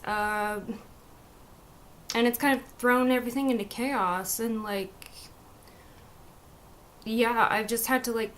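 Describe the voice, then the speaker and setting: A woman's voice: on the high side, slight background noise. Frustrated young woman streaming on a webcam. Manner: frustrated, swearing, halting restarts. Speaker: livestreamer. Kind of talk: casual live stream chat.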